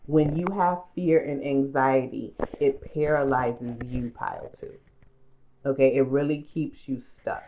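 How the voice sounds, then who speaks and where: Low-voiced woman giving a tarot reading. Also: muffled recording. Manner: emotional, repetitive, addresses viewers directly. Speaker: tarot card reader. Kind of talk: pick-a-card tarot reading. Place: home room.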